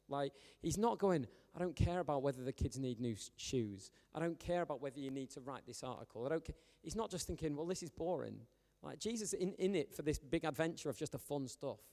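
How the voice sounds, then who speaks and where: A man delivers a casual, chatty sermon, leaning on fillers and slipping into the voices he quotes. His voice sits a little high for a man. It rings through a church hall with a long reverb tail. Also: warm tone. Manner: conversational, filler-heavy, acts out quoted voices. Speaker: preacher.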